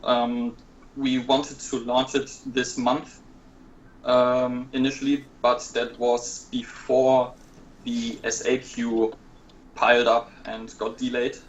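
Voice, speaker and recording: Slow, flat-voiced man, hesitant. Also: mid-range voice, highs cut off. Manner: measured, hesitant with fillers. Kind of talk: casual podcast chat.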